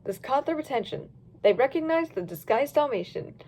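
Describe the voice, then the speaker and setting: A woman narrating a fan-written story with a storybook lilt. Her voice is high and swings expressively from line to line. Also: normal speed. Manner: lively storybook reading. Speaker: reader.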